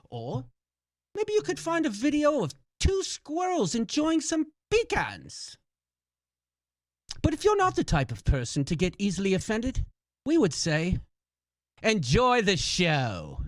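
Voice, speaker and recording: A pompous mock-British gentleman announcer, as a man puts him on, delivering a comic scripted announcement in a mock-formal, mischievous way. His voice swoops up and down with lively pitch. The recording is dry and close. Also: dry recording, heavily acted.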